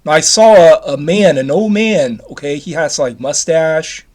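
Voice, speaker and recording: High-voiced rambling man in his fifties. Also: animated, measured pace, darkish tone. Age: 50s. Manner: repetitive, restarts often, casual swearing. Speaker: vlogger. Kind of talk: rambling personal story to camera.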